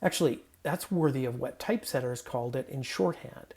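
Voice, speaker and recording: Mellow-voiced man giving a playful sermon. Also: medium pitch, fairly quick. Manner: conversational and playful, with self-corrections. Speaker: pastor. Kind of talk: casual sermon with scripture reading. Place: home guest room.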